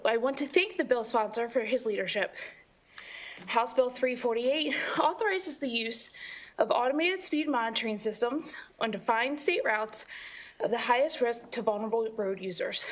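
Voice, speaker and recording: A woman's voice: fairly high pitch, a bit bright. Maryland woman giving formal testimony. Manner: apologetic, then reads a prepared statement. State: out of breath. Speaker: government affairs director testifying. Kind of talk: formal testimony at a legislative hearing.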